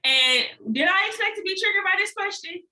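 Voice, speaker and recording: A woman's voice: extremely high pitch, expressive, a little fast, sharp tone, rough recording. A young woman in a candid personal vlog, telling a painful story and laughing often, near tears at times. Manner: candid, emotional, laughs often mid-sentence. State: holding back tears. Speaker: life and healing coach.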